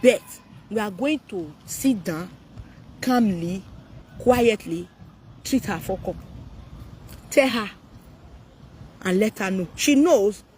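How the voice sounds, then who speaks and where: A man's voice: high-pitched, animated, slow pace, long pauses, darkish tone, a little hiss or hum. A man with a Nigerian accent talking to viewers on a live stream, ranting animatedly and mixing Pidgin, Yoruba and English.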